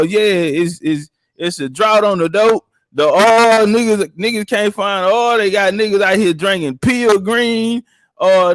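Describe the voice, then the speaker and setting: A podcast guest tells profane stories in casual chat, acting out the people he quotes. His voice sits high with a fairly bright tone, on a dry recording.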